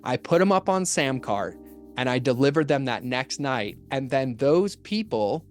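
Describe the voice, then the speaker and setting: A man who works as a marketing strategist, telling stories in a casual podcast interview with earnest, animated energy and quick bursts of speech. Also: medium pitch, faint music behind.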